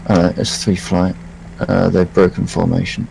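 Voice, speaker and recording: A man's voice: low-pitched, level tone, unhurried, creaky, darkish tone, a little hiss or hum. A man in a flight sim calling out spotted planes to his teammates over headset chat. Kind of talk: casual gaming chat.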